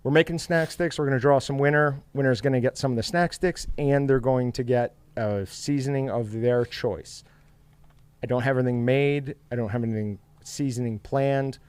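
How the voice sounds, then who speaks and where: A man's voice: medium pitch, moderate pace, a little mellow, clean tone, no echo. A man hosting a casual livestream, chatty and upbeat, reading viewer comments aloud. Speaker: livestream host.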